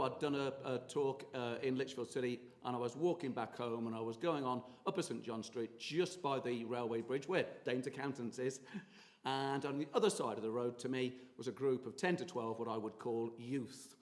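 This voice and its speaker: A man giving a local history talk, chatty and full of ums and uhs. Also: medium pitch. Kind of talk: public lecture. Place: meeting hall. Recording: long hall reverb.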